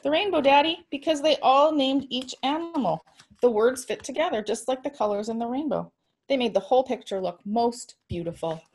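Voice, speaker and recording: A woman voicing a sleepy little girl talking to her father, soft and pitched up. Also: normal speed, breathy edge.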